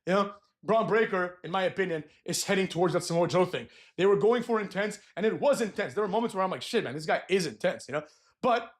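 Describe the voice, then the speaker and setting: A man ranting about wrestling promos, blunt and profane, and he keeps tagging his points with "right?". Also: sits high. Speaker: wrestling commentator. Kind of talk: opinionated rant.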